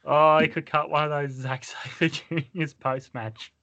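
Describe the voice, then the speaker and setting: A man's voice: fairly high pitch, steady tone, a little slow, bright, forceful tone, muffled recording. A man co-hosting a casual wrestling podcast, moving the talk along and asking questions. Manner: steers the talk, asks questions. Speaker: podcast co-host.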